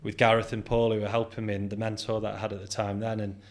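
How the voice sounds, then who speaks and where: A lowish-voiced British man in his forties, a founder appearing as a podcast guest, speaks at a quick pace. He shares lively stories in a relaxed interview, performing the quoted lines and laughing frequently.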